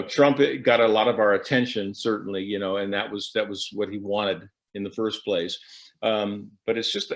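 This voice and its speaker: A man who is a musician, speaking casually at a church service with wry joking asides and a halting delivery full of restarts. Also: lowish voice. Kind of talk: casual spoken reflection.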